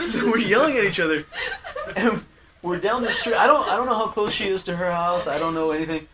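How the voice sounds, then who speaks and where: A man's voice: high-pitched, lively intonation, fairly quick, noisy background. A man telling a rowdy story in casual chat with friends, laughing often and acting out what people said. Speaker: podcast host.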